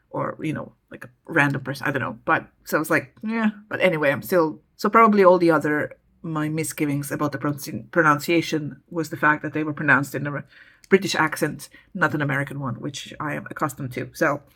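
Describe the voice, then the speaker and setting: A woman's voice: sits low, a bit bright. A woman hosting a casual book vlog, chatting in a rambling way with frequent hesitations. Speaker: book vlogger, channel host.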